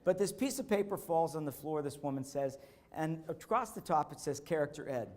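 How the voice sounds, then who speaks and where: A middle-aged man speaking from a conference stage, with a slightly high voice. He tells stories earnestly and stretches out key words to drive them home. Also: animated. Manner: storytelling, earnest, slows for emphasis. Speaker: keynote speaker. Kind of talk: motivational conference speech. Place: conference hall.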